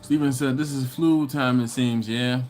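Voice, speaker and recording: A laid-back man hosts a barbecue live stream in an easygoing, slangy way, greeting viewers with "what up" and chuckling between their comments. His voice sits at an ordinary middle pitch. He has a runny nose and stops now and then to cough. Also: steady tone, moderate pace, darkish tone, soft background music. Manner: laughs often between comments. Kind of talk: casual live-stream chat, reading viewer comments aloud.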